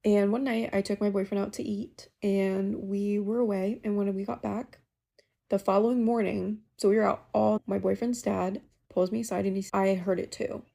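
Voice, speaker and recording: Young woman with a gravelly, mellow voice. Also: mid-range voice, moderate pace. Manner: chatty, animated retelling. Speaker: caller sharing a ghost story. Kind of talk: casual storytelling.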